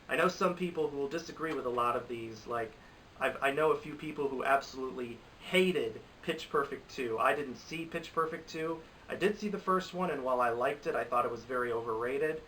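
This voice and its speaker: A young man with a mid-range, sharp-toned voice reviews movies in a casual, opinionated vlog, rambling and restarting his sentences. He has a cold, and the slightly distant mic picks up a faint hiss.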